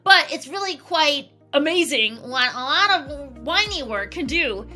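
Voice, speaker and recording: A woman singing teacher giving an upbeat, encouraging vocal lesson with sung warm-up exercises over piano. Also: high-pitched, animated, unhurried. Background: piano accompaniment.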